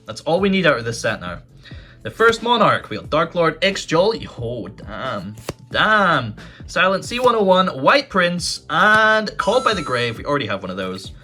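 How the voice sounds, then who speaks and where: A man chatting casually as he opens card packs, his voice bright and ringing and his pitch bouncing around a lot. He mutters low when disappointed and shouts and swears when excited. Faint music plays behind him. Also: moderate pace. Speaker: YouTube card-opening host. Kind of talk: casual pack-opening commentary.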